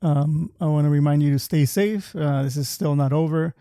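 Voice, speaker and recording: A man hosting a casual community podcast over a video call, chatty and relaxed with many fillers and restarts. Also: fairly high pitch, normal speed, no echo, studio quality. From Southern California. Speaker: podcast host. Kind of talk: casual interview chat.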